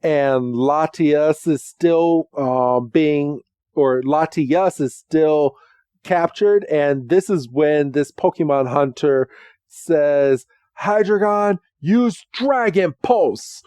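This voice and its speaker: A male podcast host walks through a cartoon episode at an unhurried pace, pausing on ums as he goes. His voice sits a bit high for a man. The mic is close and dry, with no room sound. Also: mellow, clear, resonant tone, dry recording. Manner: chatty, with frequent ums and quick acted quotes. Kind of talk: casual episode recap.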